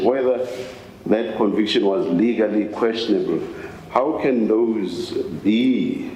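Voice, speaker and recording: Slow, deliberate judge. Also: male voice, lowish voice, mellow, highs cut off. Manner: slow, deliberate, reads quoted phrases with emphasis. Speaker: judge questioning counsel. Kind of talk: courtroom questioning. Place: large courtroom. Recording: echoey court hall, faint hiss.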